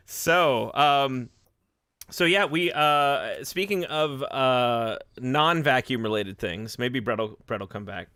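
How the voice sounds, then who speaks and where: A man's voice: medium pitch, slow, bright, forceful tone, clean tone, no echo. A man hosting a casual livestream podcast over a video call, chatty, with frequent laughs and restarts.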